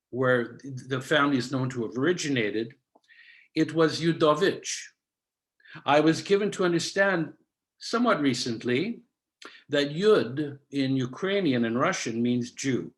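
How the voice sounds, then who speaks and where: A man in his seventies from Canada, a cantorial soloist giving a measured, didactic storytelling talk over a video call, sprinkling in Yiddish words. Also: medium pitch, animated.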